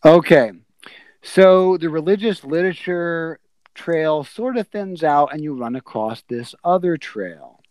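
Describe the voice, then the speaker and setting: A man hosting a trivia podcast, reading questions slowly with halting pauses and frequent laughs. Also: fairly high pitch, darkish tone, dry recording. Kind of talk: casual podcast quiz hosting.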